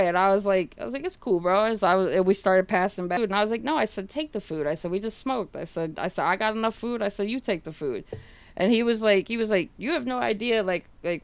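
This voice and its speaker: A woman's voice: medium pitch, clear, resonant tone, dry recording. A woman streamer casually telling a rambling story to her viewers, full of fillers and casual swearing, acting out what others said. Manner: retells others' words in quoted dialogue.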